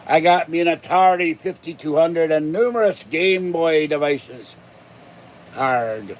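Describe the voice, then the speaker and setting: A man's voice: a little high, measured pace. A man hosting his own vlog in a rambling, jokey, casual way. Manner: rambling, jokey, breaks into growled pirate shouts. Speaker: channel host.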